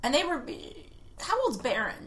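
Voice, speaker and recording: A woman's voice: sits high, very animated, normal speed, very noisy. A woman co-hosting a podcast, chatting and laughing her way through gossip about the news. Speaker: podcast co-host. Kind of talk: casual chat.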